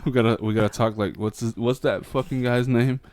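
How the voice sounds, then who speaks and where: Young man, podcast co-host, eager, short profane reactions, mid pitch, dry. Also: steady tone, fairly quick, darkish tone, no echo. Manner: enthusiastic, swears, short reactions. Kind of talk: casual chat.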